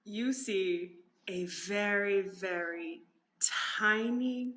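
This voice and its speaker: A woman's voice: mid-range voice, a bit bright. A woman describing a character in a tabletop game, chatty, with many fillers. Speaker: player.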